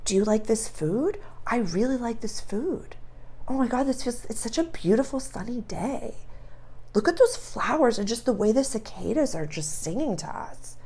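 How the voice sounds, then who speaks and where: A woman voicing a blissful adult picnicker who gushes softly and breathily about simple pleasures. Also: fairly high pitch, expressive, normal speed. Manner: soft, breathy, gushing.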